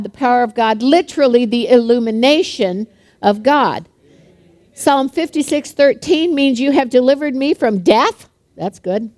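An older woman preaches a sermon to a live congregation in a quick, chatty way, full of jokes and little laughs. Her voice sits high, and she reads verses and then riffs on them at speed. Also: a little mellow, no echo. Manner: fast-talking, chatty and humorous, laughs often.

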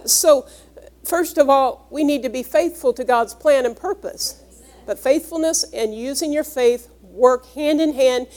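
A woman's voice: sits high, darkish tone. A woman preaching a sermon, reading scripture aloud and earnestly explaining its words to her congregation. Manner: earnest, teaching, explains each word.

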